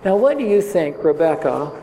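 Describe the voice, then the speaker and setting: A man's voice: on the high side, sing-song, moderate pace. A man preaching a sermon, retelling a story and acting out the voices in it. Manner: acts out quoted voices, drops to soft tones. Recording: echoey hall with faint ambience.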